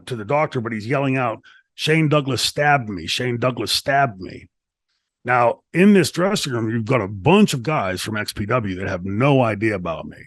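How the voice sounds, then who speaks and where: A middle-aged man recounting a wrestling story in a shoot interview, animated and profane, acting out the lines people said. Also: medium pitch, no room sound. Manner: animated, profane, acts out quotes in his story. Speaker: retired wrestler telling a story. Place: wrestling promotion studio. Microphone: studio mic.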